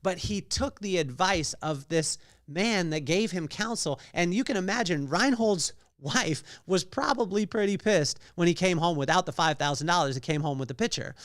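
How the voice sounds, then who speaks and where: A man's voice: high-pitched, lively intonation, moderate pace, hardly any pauses, fairly bright tone, no echo, studio quality. A man hosting a solo podcast, telling a story with energy and acting out the quotes in other voices. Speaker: podcast host.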